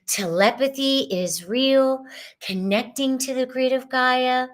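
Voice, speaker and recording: A bubbly woman with a Southern US accent hosting a casual spiritual talk. She is effusive and laughs easily. Her pitch jumps high and drops low. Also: slow pace. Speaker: host.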